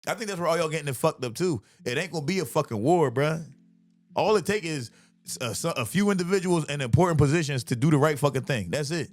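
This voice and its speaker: A man, a comedian hosting a podcast, in a profane, animated comedic rant, laughing often. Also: on the high side, fast talker, faint music behind.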